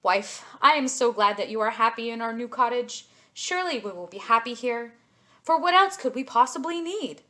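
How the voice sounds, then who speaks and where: A woman's voice: on the high side, animated, normal speed, sharp tone, pitched above the performer's own voice. A woman voicing a humble, kindly poor fisherman who speaks earnestly and meekly in a storybook reading. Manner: earnest and meek.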